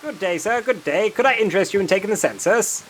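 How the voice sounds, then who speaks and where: Guy doing a prim british census man, high voice, sir this sir that, swears when spooked. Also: lively intonation, fast, a bit bright. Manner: overly formal, keeps saying sir, swears when startled. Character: polite fussy Old West male census taker.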